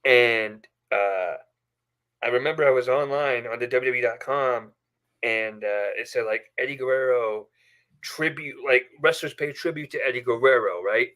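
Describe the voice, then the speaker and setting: A man's voice: mid-range voice, normal speed, fairly bright tone. A man hosting a casual live stream from his bedroom, telling a story with many fillers and restarts. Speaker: host. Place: bedroom at home.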